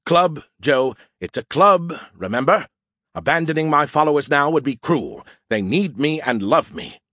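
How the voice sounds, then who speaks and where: A man's voice: a little high, animated, normal speed, a bit bright, no echo, studio quality, pitched above the performer's own voice. Man voicing a snarky, smug beer-can AI. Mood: indignant. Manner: snarky and self-important.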